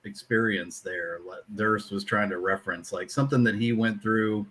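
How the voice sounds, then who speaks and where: A man's voice: on the low side, normal speed, a bit bright, a little hiss or hum. A man co-hosting a casual film podcast, thinking aloud with lots of "like". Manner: musing, thinks aloud with many "like"s. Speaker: podcast co-host. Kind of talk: casual chat about a film.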